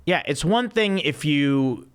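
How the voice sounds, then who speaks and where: Smooth-voiced man hosting a chat podcast. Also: fairly high pitch, lively intonation, slow. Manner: rambling storyteller with many restarts and laughs. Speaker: podcast host.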